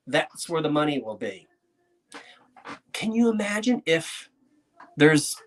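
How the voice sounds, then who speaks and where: Excitable chatty man vlogging about antiques. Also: a little high. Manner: chatty, excitable, laughs often, talks to himself. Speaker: antiques dealer. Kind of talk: casual vlog talk to viewers.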